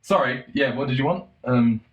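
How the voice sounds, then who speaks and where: A man's voice: mid-range voice, moderate pace, dull audio, soft background music. Sweary man ranting in a roomy space. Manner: profane, sarcastic, bursts into mocking shouts. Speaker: solo commentator. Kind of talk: casual ranting monologue. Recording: roomy echo.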